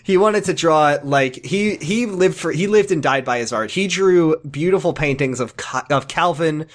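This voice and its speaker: A man co-hosting a casual recap podcast, rambling and excitable, swearing often and restarting his sentences. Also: fairly high pitch, normal speed. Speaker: podcast co-host.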